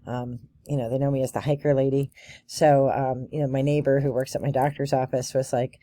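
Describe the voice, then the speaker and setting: A woman's voice: a bass voice, little pitch movement, a little fast, mellow, no room sound. A woman vlogging in a casual chat, a chatty storyteller who laughs often and fills her talk with "you know" and "um". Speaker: bagpiper and vlogger.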